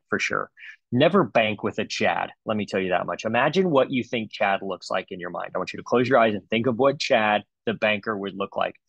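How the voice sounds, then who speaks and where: A man's voice: lowish voice, a bit bright, dry recording, rough recording. A man in his forties, a dentist, giving a comedic webinar talk with playful, exaggerated storytelling. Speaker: dentist presenter.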